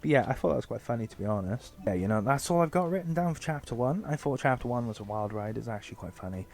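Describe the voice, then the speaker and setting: A man's voice: mid-range voice, expressive, fast talker, gravelly, darkish tone. A man giving a casual, sarcastic book review. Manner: joking and sarcastic, with many fillers.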